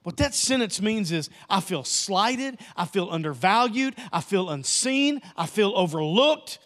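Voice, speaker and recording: A man preaching a sermon as pastor, emphatic and repetitive, swinging between loud passages and hushed ones. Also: sits high, animated, a little slow.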